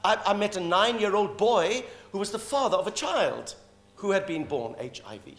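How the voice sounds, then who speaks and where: A middle-aged South African comedian performs a mocking, provocative monologue live in a theatre. He speaks in a high, sing-song, slightly bright voice at a moderate pace, captured in a roomy stage recording with a faint hum beneath it.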